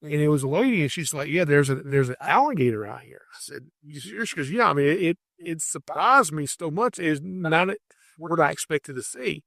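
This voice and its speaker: Animated storytelling man, slightly high voice. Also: brisk, vocal fry, no echo, clean studio sound. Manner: animated, rambling anecdotes with restarts. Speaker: podcast host, wildlife catcher. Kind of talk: casual storytelling.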